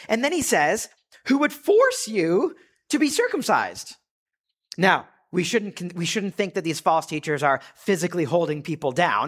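A man preaching a sermon to his congregation, earnest, rising for emphasis and dropping low and quiet. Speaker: pastor.

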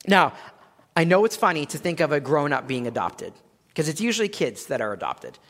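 Male pastor, high voice, earnest sermon with rhetorical questions, long church-hall reverb. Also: sing-song, a little fast, a bit bright. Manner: earnest teaching tone with many restarts and rhetorical questions.

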